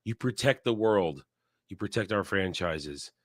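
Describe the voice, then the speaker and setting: A man's voice: deep voice, lively intonation, unhurried, no echo, clean studio sound. A man hosting a casual live stream, sick with a strained voice, rambling with restarts and the odd cough. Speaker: host.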